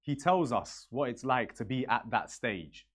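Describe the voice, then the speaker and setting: Husky man giving an earnest sermon. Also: mid-range voice, animated, unhurried. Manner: earnest, repeats phrases for emphasis. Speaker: religious speaker. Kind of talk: sermon storytelling.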